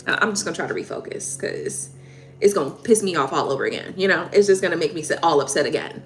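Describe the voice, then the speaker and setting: A woman's voice: on the low side, expressive, fast, soft background music. A woman hosting a live tarot stream, venting heatedly in casual talk, swearing and repeating herself.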